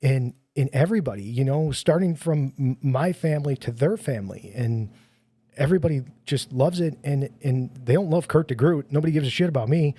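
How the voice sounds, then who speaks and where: Rambling, self-deprecating man, mellow voice. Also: medium pitch, brisk, husky, no room sound. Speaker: nonprofit founder, firefighter. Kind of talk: casual podcast conversation.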